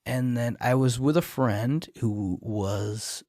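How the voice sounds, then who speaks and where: A man's voice: medium pitch, slow pace, mellow, dry recording, studio quality. A young man, a barber guest on a podcast, chatting casually and telling rambling stories full of fillers. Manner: rambling storyteller, many "like" fillers. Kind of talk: casual chat.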